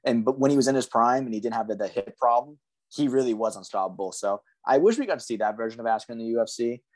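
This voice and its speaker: A man's voice: mid-range voice, animated, fast, darkish tone, dry recording. A young man co-hosting a casual fight podcast, laid-back and chatty. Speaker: podcast co-host. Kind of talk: casual MMA podcast chat.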